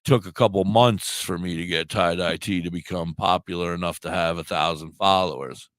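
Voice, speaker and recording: A man's voice: low voice, steady tone, moderate pace, fairly bright tone, dry recording. A middle-aged man with a sore throat, co-hosting a podcast and telling a long, rambling story with plenty of swearing and self-deprecation. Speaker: podcast co-host. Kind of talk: casual storytelling chat.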